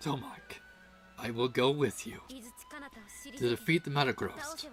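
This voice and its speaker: A woman voicing a solemn ancient female demon slayer who consumes souls, speaking gravely and with resolve. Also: extremely low pitch, a little slow, soft background music. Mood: tearful farewell.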